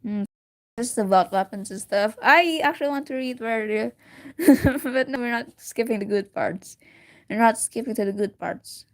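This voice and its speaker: A woman's voice: fairly high pitch, moderate pace. A woman casually reading a fan story aloud, often stumbling, restarting words and giggling between lines. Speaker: reader of a story.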